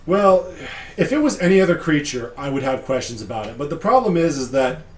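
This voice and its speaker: A deep-voiced man talks through a tabletop session recap in a loose, digressive way. He laughs easily and keeps the tone casual. His voice rings in a roomy, echoey space. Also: very animated, fairly quick. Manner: chatty, digressive, laughs often. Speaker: game master recapping a session.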